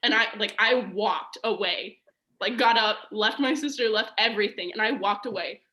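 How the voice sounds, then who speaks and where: A woman's voice: mid-range voice, normal speed, sharp tone, echoey room. A young woman, a podcast guest, telling a personal story in a chatty, casual way, peppering her speech with "like".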